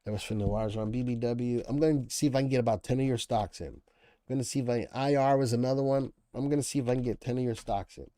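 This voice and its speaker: A man's voice: mid-range voice, fast, warm tone, no room sound, studio quality. A man hosting a live stock-analysis stream, talking casually, thinking aloud and answering viewer comments. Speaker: stock market show host.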